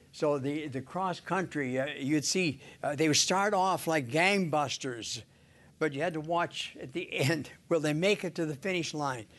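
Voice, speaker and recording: An older man giving an informal sermon on scripture, halting, with many "uh"s, restarts and little chuckles. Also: a little high. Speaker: Bible teacher.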